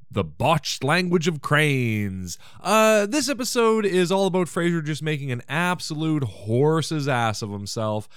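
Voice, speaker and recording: A man's voice: fairly high pitch, clear, resonant tone, no echo, studio quality. A man hosting a casual comedy podcast, recapping an episode with rambling, sarcastic asides. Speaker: podcast host.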